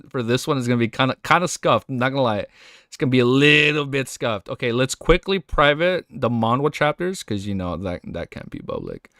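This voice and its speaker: A male livestreamer reading a novel aloud to his chat, breaking off into excited, chatty reactions between passages. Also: mid-range voice, no echo, clean studio sound. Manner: reads narration steadily, then breaks off into excited chatty reactions.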